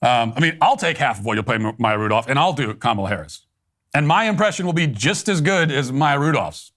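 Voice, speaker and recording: A male host delivers opinionated political commentary in a blunt, sarcastic tone. His voice sits at an ordinary middle pitch, and he often stumbles and restarts a phrase before pressing on. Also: lively intonation, a little fast, a bit bright.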